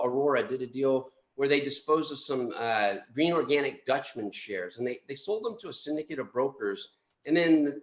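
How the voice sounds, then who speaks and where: A man's voice: medium pitch, echoey room. A man, a guest analyst, talking through a stock in casual market commentary, thoughtful and hesitant with many restarts.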